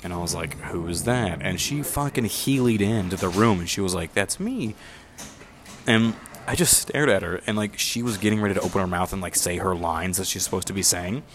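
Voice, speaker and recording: A man's voice: deep voice, fairly quick. A young man casually telling a rambling story, swearing freely and acting out the voices of the people he quotes.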